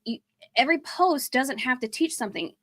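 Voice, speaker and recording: A woman's voice: high-pitched, animated, brisk. A woman co-hosting a marketing podcast, talking casually and bluntly with a little swearing. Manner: blunt, emphatic, mild swearing. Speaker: podcast co-host.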